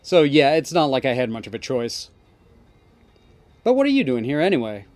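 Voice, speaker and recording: A man's voice: mid-range voice, very animated, moderate pace, a little mellow, no room sound, close to an everyday voice. A man voicing a sarcastic, bored teenage girl gang boss with an offhand way of talking. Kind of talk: reading game dialogue aloud.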